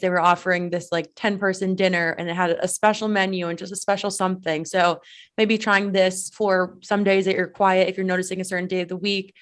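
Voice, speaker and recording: A woman co-hosting a business podcast, giving tips in a loose, rambling way with many fillers. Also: medium pitch. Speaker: podcast co-host. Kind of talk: casual chat.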